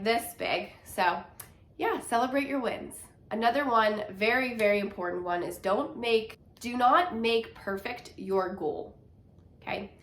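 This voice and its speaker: Sitting on her couch at home, a woman who is a teacher and health coach gives advice in a casual talking-head vlog. Her mid-pitched, fairly bright voice sounds slightly nasal and congested, echoes noticeably in the room, and she is chatty and encouraging with many fillers.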